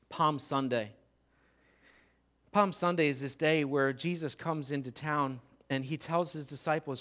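A man preaching a sermon as pastor, telling the story with animated storytelling and acting out the crowd's voices. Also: on the high side.

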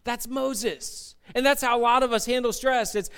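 Male pastor, sermon, animated, acts out quotes, high smooth voice. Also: moderate pace, few pauses.

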